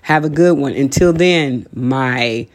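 A podcast host giving a motivational talk, urging listeners on with emphatic, repeated lines and the odd joking aside. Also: male voice, medium pitch, slow. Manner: emphatic, repetitive exhortations.

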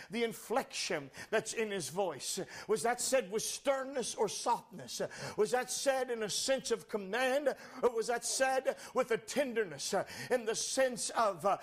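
A male preacher with a very high voice delivers a fervent sermon. He leans on "uh" fillers between phrases and builds up to shouting at the peaks.

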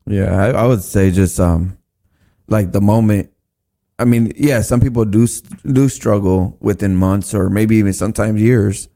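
Male podcast guest, low gravelly voice, earnest and halting delivery. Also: dark tone. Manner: earnest, halting, restarts often. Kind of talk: church podcast discussion.

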